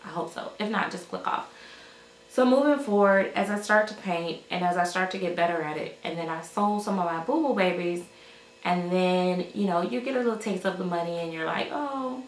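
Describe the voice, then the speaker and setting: A woman's voice: fairly low pitch, moderate pace, roomy sound, a little hiss or hum, rough recording. A woman vlogger telling a rambling, casual storytime about her doll collecting, acting out what others said. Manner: chatty, rambling, quotes others in animated voices.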